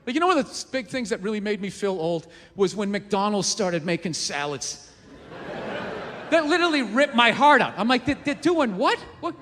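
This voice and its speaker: A man's voice: sits high, expressive, normal speed, a bit bright. A man in his forties performing a live stand-up set, ranting in a profane, incredulous way. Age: 40s. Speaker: stand-up comedian. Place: large theater stage. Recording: live theater, long reverb, crowd and noise.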